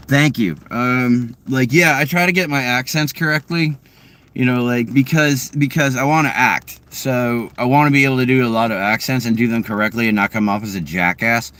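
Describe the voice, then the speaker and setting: A young man with a Boston-area New England accent and a mid-range, fairly bright voice streams from his car at a moderate pace. He chats loosely with viewers, rambling with plenty of fillers and restarts.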